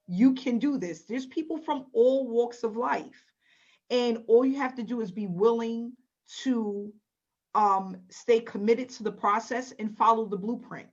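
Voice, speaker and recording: Woman webinar host, encouraging, slightly dull lo-fi audio. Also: mid-range voice. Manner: upbeat and encouraging, addresses the audience as guys. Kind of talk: hosting an online webinar.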